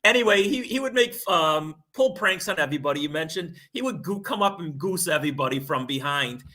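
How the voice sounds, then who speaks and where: Man, sports radio co-host, bright forceful tone, slightly high, animated laughing storyteller. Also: fairly quick. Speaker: sports talk show co-host. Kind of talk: casual chat.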